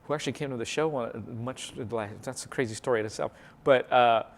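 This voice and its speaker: A man being interviewed as a guest, a comedian and mentalist telling lively anecdotes in casual chat and laughing easily. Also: mid-range voice, fairly quick. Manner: animated storyteller, laughs easily.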